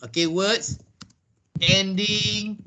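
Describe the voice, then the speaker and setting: A Malaysian man with a fairly high, bright voice teaches English over a video call. He is patient and takes learners' questions one at a time, spelling words out and explaining slowly. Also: fairly even intonation, slight background noise. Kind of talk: online class Q&A.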